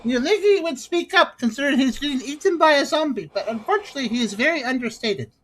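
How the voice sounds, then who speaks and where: Chatty woman with a higher voice. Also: lively intonation, fast talker, a bit bright, poor audio. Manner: chatty, joking, wry. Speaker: gaming video host. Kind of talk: casual let's-play commentary.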